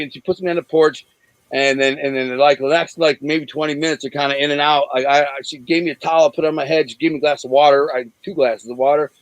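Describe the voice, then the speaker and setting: Blunt man telling a rough story. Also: fairly high pitch, a little fast, no echo, low-quality recording. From Detroit. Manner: rough, blunt, rambling with frequent restarts. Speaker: interview guest. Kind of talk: candid storytelling in an interview.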